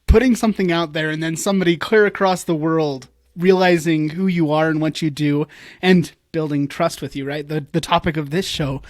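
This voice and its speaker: A man's voice: on the high side, dry recording. Male interview host, reflective, conversational, dry close recording. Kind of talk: casual interview talk.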